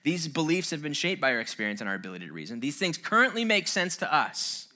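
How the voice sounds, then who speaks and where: A man with a fairly high, bright voice gives an informal talk on relationships. He talks earnestly and conversationally, dropping in self-mocking asides. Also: sing-song, fast talker. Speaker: speaker on relationships.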